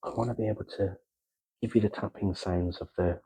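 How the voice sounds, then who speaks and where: Soft-spoken man with a Gloucestershire accent. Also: on the low side, fairly even intonation, breathy edge, poor audio. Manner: slow, halting, with many pauses; soft-spoken, slipping into whispers. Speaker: ASMR creator. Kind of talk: soft-spoken ASMR chat.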